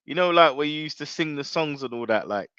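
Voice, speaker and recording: A young man on a casual football podcast, talking in an excitable, emphatic way. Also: fairly high pitch, fairly quick, clear, resonant tone, dry recording, lo-fi sound. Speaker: podcast co-host.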